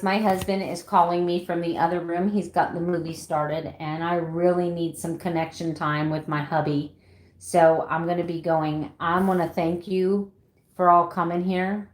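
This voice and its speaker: Woman in her 50s, keto vlogger, low-ish voice, chatty, laughs easily, roomy echo. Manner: chatty, laughs often, reads out viewer names. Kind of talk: casual livestream chat with viewers. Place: home room. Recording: echoey room.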